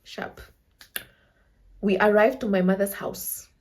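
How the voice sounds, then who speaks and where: A young woman with a Namibian accent telling a dramatic story to camera in a casual, animated way, acting out quotes and laughing often. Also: medium pitch, slow pace. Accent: Namibian English. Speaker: storytelling vlogger.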